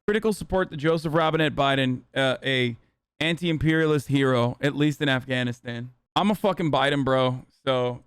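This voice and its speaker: A man's voice: on the high side, clean tone, dry recording, clean studio sound. A young man commenting on political news as a streamer, heated and sarcastic, swearing constantly.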